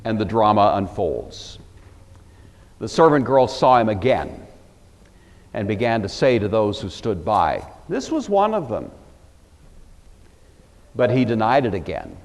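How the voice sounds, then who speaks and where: An older Pacific Northwest man with a plain regional American accent gives an earnest, emphatic Bible lecture, adding wry asides. His lowish, darkish voice swings widely in pitch and moves a little slowly through a large hall.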